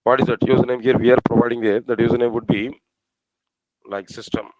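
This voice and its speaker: A man teaching a programming class, asking his students rhetorical questions and spelling out code slowly. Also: mid-range voice, level tone, darkish tone, low-quality recording. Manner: asks the class rhetorical questions, repeats phrases. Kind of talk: live coding lecture.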